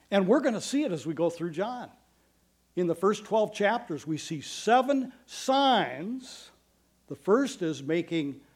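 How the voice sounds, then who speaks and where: Pastor guy preaching, high voice, earnest, hits words hard then speeds up. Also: husky. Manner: earnest, emphatic preaching with sudden loud stresses. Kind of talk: sermon.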